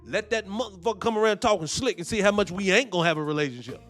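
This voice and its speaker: A man's voice: high-pitched, fast talker, fairly bright tone, faint music behind. A man hosting a commentary show, ranting in a heated, profane, preaching way. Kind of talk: live-stream commentary with viewer shout-outs.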